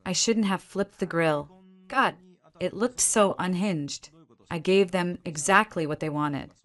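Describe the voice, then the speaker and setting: A woman's voice: fairly low pitch, a little slow, natural voice. A tired husband wrestles aloud with his own guilt in an audio story, read by a woman narrator. His voice sounds worn and pained. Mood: anguished. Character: weary, torn adult husband.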